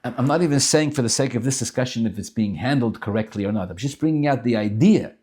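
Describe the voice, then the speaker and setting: A man teaching a religious text class in an animated, emphatic lecture style, often restarting and repeating words as he builds his points. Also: mid-range voice, quick pace, husky. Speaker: Torah teacher.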